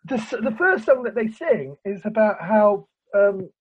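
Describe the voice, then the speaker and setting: A man's voice: sits high, big pitch swings, unhurried, slightly rough. A man ranting in casual chat, laughing and swearing as he picks apart an old cartoon film. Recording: lo-fi recording.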